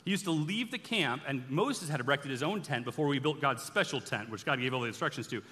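A man giving an animated sermon-style bible teaching, telling the stories casually and acting out the characters' lines. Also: medium pitch, a little fast. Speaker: preacher. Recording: long reverb from a large hall.

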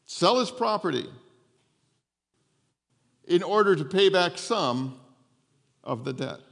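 A man preaching a sermon as pastor. He retells the story conversationally, with lively asides to the congregation. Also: high voice, gravelly. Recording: long hall reverb.

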